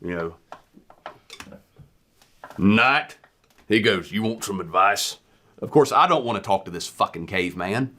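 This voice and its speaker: A man's voice: fairly low pitch, a little slow, long pauses. Profane man telling military stories. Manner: profane, animated war storyteller. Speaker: podcast co-host. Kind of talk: casual storytelling chat.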